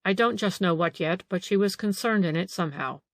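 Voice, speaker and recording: Woman playing a persistent male detective, calm, steady questions, dry close audio. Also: on the low side, fairly quick, no room sound, lightly acted. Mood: probing. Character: probing male police detective. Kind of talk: audiobook character reading.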